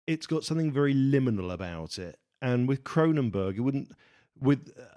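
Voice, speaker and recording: A man co-hosting a podcast in easy, casual film talk. He thinks aloud, turning ideas over and analysing what he saw with a measured, mid-range voice. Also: medium pitch, expressive, warm tone. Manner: thoughtful, musing, analytical. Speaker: podcast co-host.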